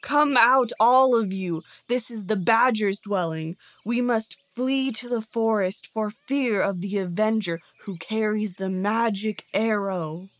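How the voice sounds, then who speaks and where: A woman's voice: on the high side, animated, takes it slowly, few pauses, fairly bright tone, no room sound. A woman voicing a big, stingy male black bear who talks in a falsely friendly way, in a storybook tale. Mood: panicked.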